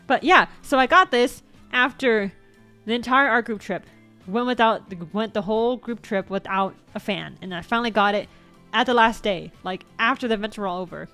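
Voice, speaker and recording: A woman's voice: fairly high pitch, moderate pace, sharp tone, faint music behind. A woman VTuber chatting casually about things she bought, rambling and correcting herself as she goes, with the odd swear word. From United States. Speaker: VTuber vlogger. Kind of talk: casual show-and-tell chat.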